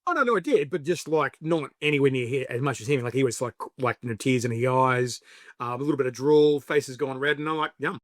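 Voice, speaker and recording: A man's voice: medium pitch, lively intonation, fast talker, no room sound, clean studio sound. An Australian man chatting casually as a podcast guest, telling stories with lots of fillers. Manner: chatty, storytelling, lots of fillers and acted quotes. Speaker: podcast guest, spicy food show creator. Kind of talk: casual interview chat.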